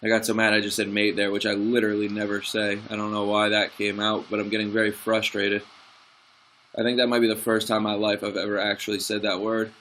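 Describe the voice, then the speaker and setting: A young man commentating his own football management game, swinging from excited play-by-play to frustrated asides. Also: on the low side, quick pace.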